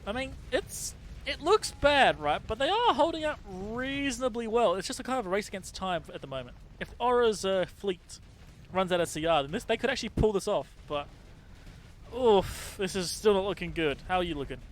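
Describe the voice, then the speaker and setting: A man casting a game tournament, excitable and laughing often, catching and correcting his own slips. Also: high voice, brisk, slight background noise. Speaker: tournament caster. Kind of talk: casual game commentary.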